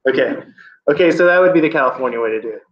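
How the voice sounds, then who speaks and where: A man's voice: fairly high pitch, animated, very fast. Casual joking male test-prep teacher. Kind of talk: classroom lesson. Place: classroom. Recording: roomy, slightly dull classroom recording.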